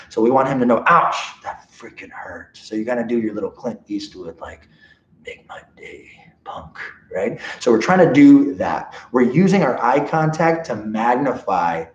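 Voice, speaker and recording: Animated man teaching dog training. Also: medium pitch. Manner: animated, checks in often with okay and right. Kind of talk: live training seminar. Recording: roomy, dull lo-fi sound.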